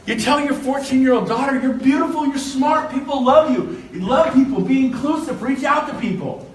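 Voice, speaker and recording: An older man giving a motivational real estate talk to an audience, telling lively stories and breaking into shouts and laughs. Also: extremely high pitch, normal speed. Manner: animated storyteller, shouts and laughs. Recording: echoey room from a distance.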